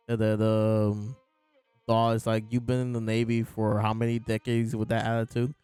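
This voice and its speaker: A man's voice: on the low side, monotone, moderate pace, darkish tone, smooth, no room sound, soft background music. A man casually reviewing and discussing a comic chapter, rambling with many fillers and chuckles. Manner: laid-back, rambling, lots of fillers and laughs. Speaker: podcast host reviewing a manga chapter. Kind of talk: casual chat.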